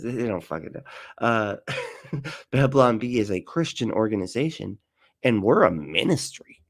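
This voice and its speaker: Sarcastic man mocking a read article. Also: mid-range voice. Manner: sarcastic, laughing, swearing. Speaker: podcast host. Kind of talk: casual mocking commentary.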